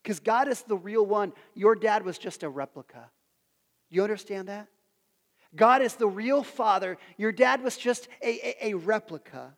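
A man in his thirties preaching a sermon, earnest, who repeats phrases and goes soft for prayers. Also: high voice, moderate pace. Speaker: pastor. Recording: long hall reverb with soft music behind.

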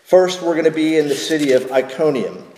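A man preaching a sermon, teaching at a measured pace and asking rhetorical questions of the congregation. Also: fairly high pitch, lively intonation, darkish tone, roomy sound, big-room sound, slight background noise. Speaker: pastor.

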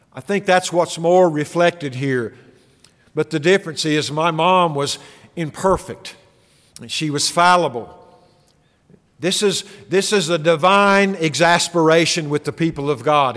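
High-voiced preacher in an echoing hall. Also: male voice, a bit bright. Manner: earnest, emphatic, rising into exclaimed rhetorical questions. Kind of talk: sermon. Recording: long hall reverb.

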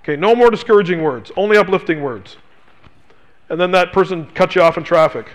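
A male pastor preaching a sermon, emphatic, asking his listeners rhetorical questions and dropping to a hushed voice on key phrases. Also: sits high, fairly quick.

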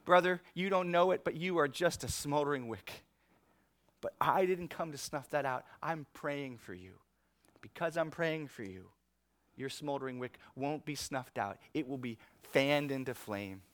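A man voicing Jesus as a gentle savior who speaks to the listener with tenderness and pleading. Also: medium pitch, natural voice. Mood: tender. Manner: tender, pleading, drawn-out delivery.

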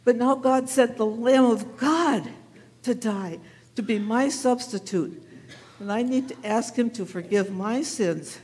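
A woman's voice: a little high, unhurried, darkish tone, big-room sound, close to an everyday voice. A woman acting as a humble shepherd who tells children an earnest first-person story in church. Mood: awed. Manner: earnest, tearful in grief. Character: humble shepherd telling his Easter story. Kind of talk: first-person dramatic monologue. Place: church sanctuary.

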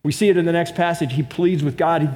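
A pastor with a high voice delivers his sermon in an easy, conversational way. He keeps turning to his listeners with questions. His words ring out with a long reverb that trails behind them. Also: steady tone, fast, darkish tone. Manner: conversational preaching with rhetorical questions to the congregation. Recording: long reverb of a large room.

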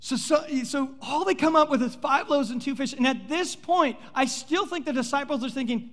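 High-pitched guy preaching, acts out the disciples all sarcastic, long echo like a big church. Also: a little fast, few pauses. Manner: animated storytelling, acting out the disciples with playful sarcasm. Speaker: pastor. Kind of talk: sermon. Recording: long hall reverb.

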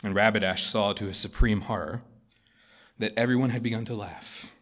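A man's voice: lowish voice, normal speed. Man preaching a sermon. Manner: expressive, storytelling delivery. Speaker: pastor.

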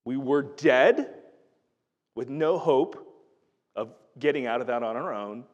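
A middle-aged man preaches in an earnest, conversational style, stumbling over restarts as he talks. His voice sits at an ordinary pitch, and a long reverb trails each phrase as if in a large hall. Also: expressive, takes it slowly, muffled recording. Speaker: pastor. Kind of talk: sermon.

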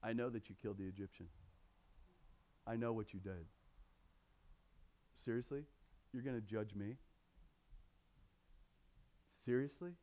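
A man's voice: fairly low pitch, a little slow, pauses often, warm tone, voice pushed down, natural voice. A man voicing a sarcastic, defiant Hebrew slave who mocks the one scolding him. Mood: mocking. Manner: mocking, scornful.

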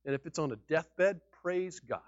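Pastor, male, preaching a sermon; raised emphatic delivery, slightly high pitch, dull low-fi recording. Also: lively intonation, normal speed, no echo. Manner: emphatic preaching with sudden loud peaks.

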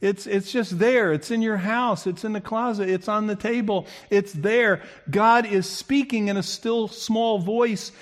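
A man preaching a sermon who acts out the quoted speakers with big swings in pitch and loudness. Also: measured pace, few pauses.

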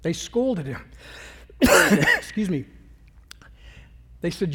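A man, a pastor preaching a sermon in a lively storytelling manner, acting out the scene. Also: fairly high pitch, unhurried, long pauses, slightly rough, in a large hall.

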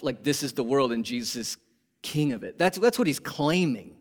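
Pastor, male, slightly high voice, lively and conversational, big emphatic builds. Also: moderate pace. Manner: animated, rising to emphatic peaks then dropping low; conversational asides and rhetorical questions. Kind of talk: sermon.

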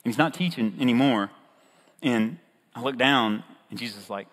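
A man preaching a sermon with playful storytelling and a husky voice. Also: mid-range voice, moderate pace, a bit bright. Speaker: pastor. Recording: long reverb of a large hall.

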